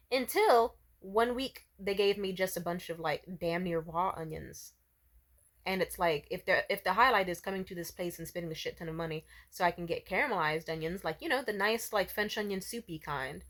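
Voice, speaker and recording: A woman telling a story in a casual rant, swearing freely and acting out what people said in raised voices. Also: a bit bright. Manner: profane, exasperated, acts out quotes in high voices.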